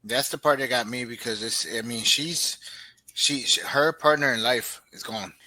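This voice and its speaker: A man's voice: mid-range voice, normal speed, no room sound. A middle-aged man co-hosting a casual podcast chat, telling stories animatedly and acting out what his kids say. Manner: animated storytelling, acts out family quotes. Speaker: podcast co-host.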